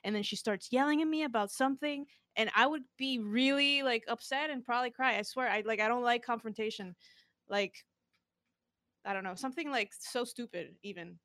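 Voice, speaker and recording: A woman's voice: fairly high pitch, moderate pace, sharp tone, no room sound. A young woman streamer in casual chat, giggling often and rambling with lots of fillers.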